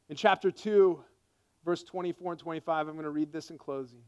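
High-voiced male pastor preaching. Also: steady tone, brisk, clear, resonant tone. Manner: impassioned, rising and falling from loud to hushed. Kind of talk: sermon.

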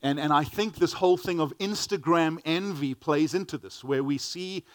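A man's voice: a little high, moderate pace, no room sound. A middle-aged man preaching a sermon, earnest, often repeating words as he starts a phrase.

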